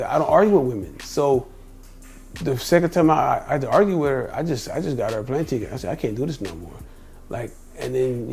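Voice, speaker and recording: A man's voice: mid-range voice, a little mellow. A middle-aged man from the United States, telling personal stories in a casual vlog monologue, rambling and acting out what people said. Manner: rambling, repeats himself, quotes people in dialogue. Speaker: vlogger.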